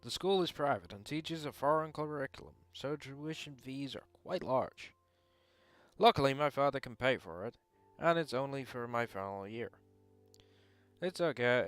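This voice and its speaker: A man's voice: mid-range voice, a bit bright, smooth, dry recording. A young man reading a visual novel aloud and rambling off into casual, mildly sweary asides. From England. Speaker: game streamer.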